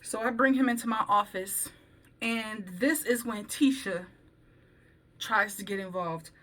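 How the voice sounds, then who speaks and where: A woman vlogger telling a work story in casual chat, animated and slangy, acting out what people said. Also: mid-range voice, a little slow. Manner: animated, slangy, acts out quoted dialogue.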